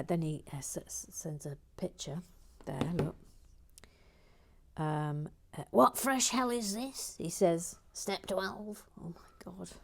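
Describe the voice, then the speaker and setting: A woman hosting a live building stream, chatting casually in a soft, often half-whispered voice as she reads out viewer comments. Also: fairly low pitch, vocal fry.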